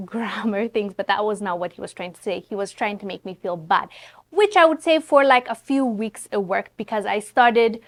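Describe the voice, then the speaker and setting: A woman from Ethiopia with an Ethiopian accent, whose first language is Amharic, speaking earnestly and outspokenly as a guest in a conversational interview. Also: medium pitch. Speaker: guest, Pan-African content creator.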